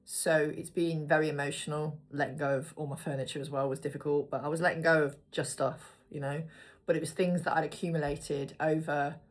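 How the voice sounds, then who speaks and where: Woman, low voice, casual tarot reader, chatty and wandering. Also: level tone, brisk. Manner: chatty, rambling asides, talks to herself while picking cards. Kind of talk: casual tarot reading to viewers.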